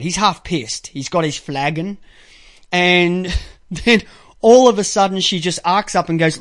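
An Australian man hosting a casual call-in show, telling crude, rambling anecdotes with loud outbursts. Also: high voice, slow pace. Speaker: podcast host.

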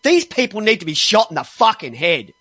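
A man's voice: high-pitched, sing-song, brisk, sharp tone, husky, no room sound. A man ranting angrily, heavily profane and exasperated, stumbling and restarting as he gets worked up. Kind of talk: angry ranting monologue.

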